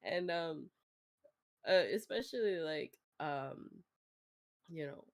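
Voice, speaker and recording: Slow-talking, giggly woman streamer. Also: sits low, expressive, vocal fry. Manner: laughs often, halting restarts. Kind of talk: casual chat with a guest.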